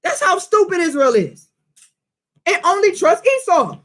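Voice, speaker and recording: A man's voice: extremely high pitch, huge pitch swings, unhurried, a bit bright. A man teaching a Bible study in informal preaching style, emphatic and full of rhetorical questions and street slang.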